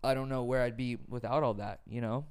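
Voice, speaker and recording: A man's voice: medium pitch, steady tone, fairly quick, darkish tone, smooth. A young man hosting a casual podcast, telling earnest stories peppered with swearing. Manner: earnest, profane storytelling. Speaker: podcast host.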